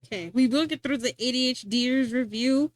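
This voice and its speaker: A woman's voice: sits high, moderate pace. A young adult woman streaming, rambling in casual chat and answering her chat, often restarting her sentences.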